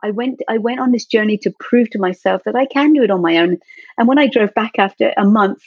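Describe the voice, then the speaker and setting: A woman's voice: fairly high pitch, brisk, breathy edge, no room sound. A woman guest telling her personal story in a heartfelt, earnest way, easily moved. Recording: dull lo-fi dry sound.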